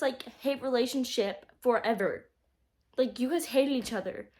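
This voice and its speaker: A woman's voice: on the high side, moderate pace, noisy background. A young woman casually talking through a book she is reading, chatty and emotional, with lots of fillers. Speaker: book reviewer.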